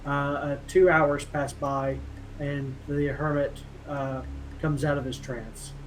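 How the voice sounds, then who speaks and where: Male game master, slow filler-laden narration, slightly high voice. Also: flat delivery, slight background noise, rough recording. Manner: unhurried, filler-heavy narration.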